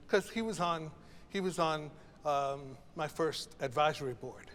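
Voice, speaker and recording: A man's voice: on the high side, unhurried, a bit bright. A man conducting a choral masterclass, coaching singers in an encouraging, reflective way. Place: rehearsal hall with a choir. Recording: reverberant hall, faint ambience.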